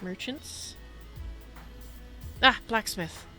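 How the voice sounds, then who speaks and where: A woman's voice: on the high side, very slow, pushed and bright, soft background music. A woman streaming a game, chatting casually, apologizing and reading chat aloud. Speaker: livestreamer. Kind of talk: casual gameplay commentary.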